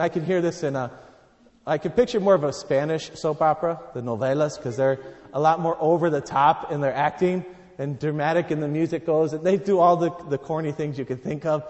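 Expressive preacher man in a reverberant hall. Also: fairly high pitch, fairly quick, highs cut off. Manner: expressive, swings from quiet to loud, reads scripture aloud. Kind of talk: sermon.

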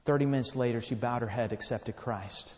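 A man's voice: medium pitch, fairly quick, darkish tone. A man preaching a sermon in a church, telling a story earnestly and often repeating his words. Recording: long hall reverb.

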